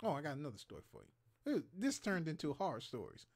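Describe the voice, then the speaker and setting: A man's voice: a little high, huge pitch swings, fast talker, a little mellow. A man in his thirties from Maryland, hosting a show and telling stories in casual, profane chat, acting out quotes and sound effects.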